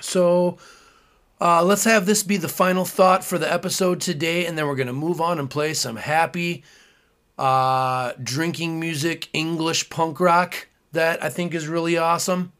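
A man's voice: a little high, steady tone, unhurried, a bit bright. A man hosting his own podcast, talking in a casual, earnest, musing way with frequent fillers. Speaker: podcast host. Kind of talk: casual solo podcast talk.

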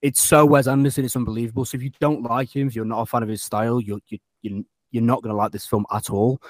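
A man's voice: mid-range voice, steady tone, quick pace, no echo. A man on a podcast, reviewing a film earnestly in casual chat and often repeating words.

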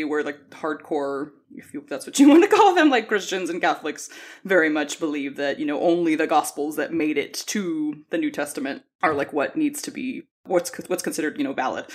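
A woman from Mexico co-hosting a casual book podcast, chatty and quick to laugh. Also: low voice. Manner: chatty, laughs often, many fillers. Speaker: podcast co-host.

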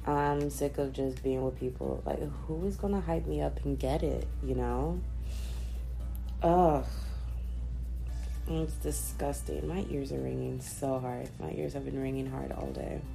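A woman's voice: extremely low pitch, unhurried, vocal fry, faint music behind, rough recording. A young woman vlogging casually, chatty and slangy, venting in a dramatic, exasperated way. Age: young adult. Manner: dramatic, swings into loud exasperated ranting. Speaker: vlogger and podcaster. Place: indoors, not on a mic.

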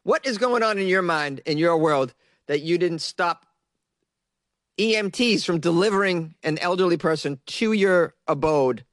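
High-voiced young guy, stoned and giggling, sarcastic news riffs, dry close sound. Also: animated, a little slow, fairly bright tone, no room sound. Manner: laid-back, giggly, sarcastic. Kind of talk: comedic news commentary.

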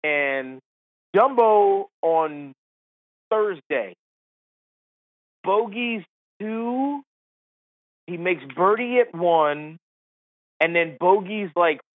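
Man, high voice, animated storyteller, tinny phone line, dry sound. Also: very slow, long pauses, no echo. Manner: animated, laughing storyteller who acts out others. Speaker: podcast guest, former tour caddie. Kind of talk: storytelling in casual chat.

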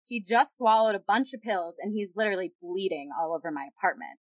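A woman recounts a story in a loose, chatty way, her talk full of "like" and quick asides. Her voice sits at an ordinary middle pitch. The sound is dry and close, with no room echo. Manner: animated, heavy use of "like". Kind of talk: casual storytelling.

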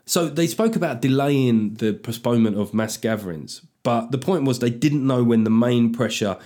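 Man, comedy podcast host, sardonic monologue, sweary, mid-pitched voice. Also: moderate pace, warm tone. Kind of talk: comic monologue.

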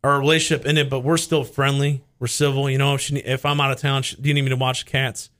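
A man's voice: medium pitch, little pitch movement, fast talker, a bit bright. A man co-hosting a talk show, speaking earnestly about his own life. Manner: earnest, personal. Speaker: radio show co-host. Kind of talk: casual chat.

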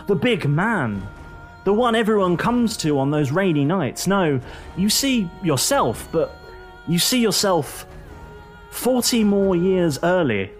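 Slow, lively-voiced male game master. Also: high-pitched. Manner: descriptive, repeats words for effect. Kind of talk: slow dramatic game narration.

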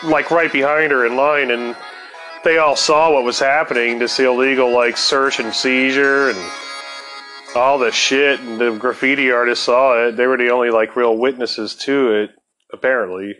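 A man spinning a long personal story in a loose, rambling way, swearing freely and tripping over his words while high. His voice sits at an ordinary pitch, and faint plucked sitar music plays softly behind him. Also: fairly even intonation, normal speed. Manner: laid-back, profane, rambling with fillers. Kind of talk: casual storytelling.

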